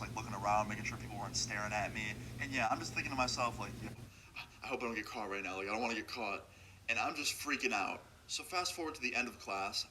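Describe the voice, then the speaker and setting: A man's voice: on the low side, sharp tone, a little hiss or hum, rough recording. A young man casually narrating a story in a laid-back, slangy way, acting out both sides of the dialogue.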